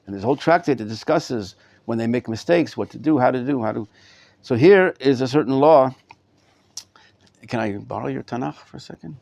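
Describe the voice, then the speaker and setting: A man's voice: medium pitch, fairly quick, gravelly, darkish tone. A middle-aged man, a rabbi, teaching a live class to students in a study hall, often repeating words as he thinks aloud. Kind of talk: live Torah class lecture.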